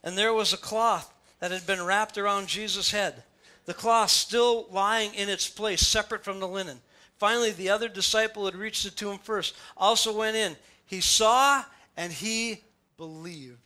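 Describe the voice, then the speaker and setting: Male pastor, sermon, high voice, animated storytelling, church sound system. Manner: animated storytelling, reading scripture aloud and explaining it.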